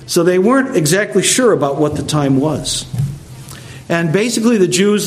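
Conversational male preacher, fairly high voice. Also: a little mellow. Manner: conversational, explanatory, with asides. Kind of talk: expository sermon.

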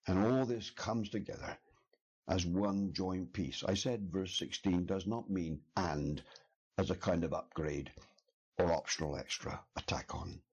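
A man's voice: low voice, a little slow, darkish tone, husky. A man preaching an expository sermon in an earnest, emphatic way, building his points with repeated questions. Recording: dull lo-fi sermon recording.

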